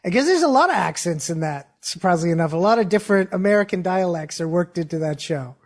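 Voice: medium pitch, lively intonation, fast talker, husky. A podcast co-host asking interview questions in a joking, teasing way, with some fillers. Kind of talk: casual interview chat.

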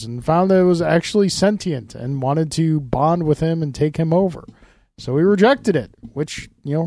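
Guy cohosting a comics podcast, kinda high voice, rambles and restarts a lot. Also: a little mellow, no echo, studio quality. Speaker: podcast co-host. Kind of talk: casual chat.

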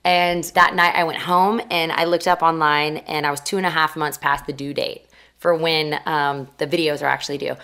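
A young woman guest in an interview, telling stories in a casual, animated way and acting out the voices she quotes. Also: sits low, moderate pace, clean tone. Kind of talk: casual storytelling.

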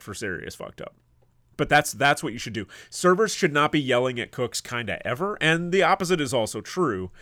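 A man talking about restaurant kitchens with a lively, swinging delivery and plenty of swearing. His voice is dry and close, with no room sound around it. He laughs often as he tells his stories. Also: mid-range voice, no echo. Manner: blunt, profane, laughs often, storytelling. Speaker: podcast co-host, former cook. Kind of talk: casual chat.

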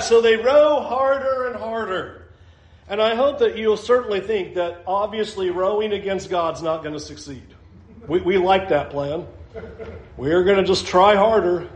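Male pastor, higher voice, emphatic sermon delivery with rhetorical questions, echoey room. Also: unhurried. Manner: emphatic, repeats phrases for effect, asks questions.

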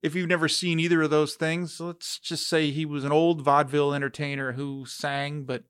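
A man narrating a story read from a letter, steady and reflective. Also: fairly high pitch, moderate pace, clear, resonant tone, no room sound, clean studio sound.

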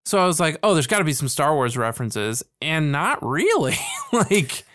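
A man in his forties co-hosting a podcast in casual chat, relaxed and a bit rambling with fillers. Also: a little high, moderate pace, dry recording, clean studio sound. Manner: relaxed, laughing, trailing off with fillers. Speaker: podcast co-host.

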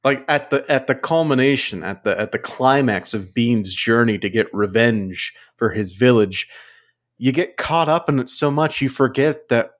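A man co-hosting a casual movie review chat, thoughtful and halting, often restarting his sentences. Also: medium pitch, lively intonation. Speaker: podcast co-host.

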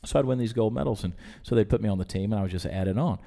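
Guy w a muted southern drawl, low voice, animated storyteller, podcast mic. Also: vocal fry. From Georgia, US. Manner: storytelling, animated, quick to laugh. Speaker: podcast guest. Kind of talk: casual chat. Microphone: studio microphone with headphones.

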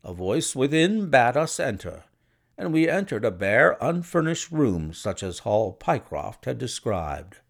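Man, audiobook narrator, expressive reading, animated pitch. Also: unhurried, creaky. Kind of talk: scripted narration.

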